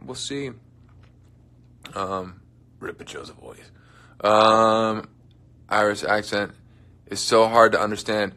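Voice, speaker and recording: A man's voice: lowish voice, steady tone, slow, pauses often. A young man hosting a casual livestream from his dressing room, joking and chatting with viewers in a playful way. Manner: playful, joking, drifts into soft mumbles. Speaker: livestream host. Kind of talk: casual livestream chat reading comments.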